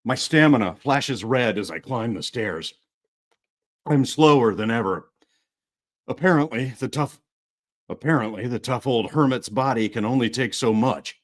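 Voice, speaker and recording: A man's voice: medium pitch, a little slow. A man reading a first-person audiobook narration, restarting phrases to retake lines.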